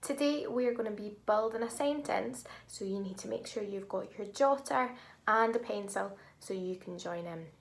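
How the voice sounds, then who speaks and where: A woman teaching a phonics lesson to young children, speaking slowly and clearly and sounding out words in an encouraging way. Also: mid-range voice. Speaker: primary school teacher.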